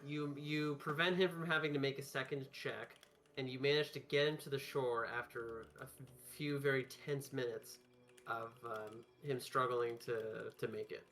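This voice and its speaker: A man acting as game master, narrating a tabletop game in a loose, halting way with lots of fillers. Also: medium pitch, steady tone, a bit bright, slight background noise.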